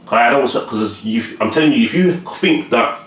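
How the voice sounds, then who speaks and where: A man's voice: mid-range voice, lively intonation, moderate pace, a bit bright. A man giving casual advice straight to camera, repeating and restarting words and often asking whether the listener follows him. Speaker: vlogger giving life advice. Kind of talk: casual motivational monologue to camera. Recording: echoey room.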